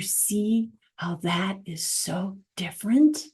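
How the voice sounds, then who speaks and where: Her voice is medium-pitched and animated, at normal speed. The middle-aged woman delivers a casual, earnest teaching talk about faith and marriage, voicing the people she quotes and using repetition to make her points land.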